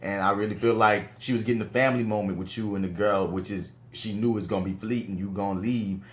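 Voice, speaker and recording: A man's voice: fairly low pitch, steady tone, fast talker. A man co-hosting a podcast, responding to a story with reflective, casual commentary. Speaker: podcast co-host. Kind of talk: casual chat.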